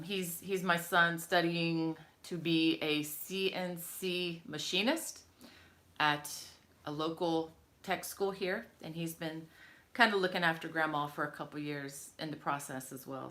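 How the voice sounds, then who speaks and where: A middle-aged woman hosting a crochet live stream from home, chatting with viewers and greeting them by name. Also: low voice. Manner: chatty, warm greetings to viewers, many fillers. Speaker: crochet channel host. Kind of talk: casual live-stream chat.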